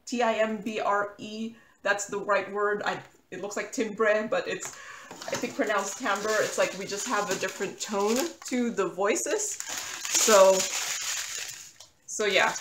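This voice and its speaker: A woman from the US chats casually while she works on a craft project, wandering off topic and correcting herself often. She talks slowly, in a mid-pitched voice. The room is echoey, with a faint hiss behind her. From United States. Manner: rambling, filler-heavy, self-correcting. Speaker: crafting YouTuber.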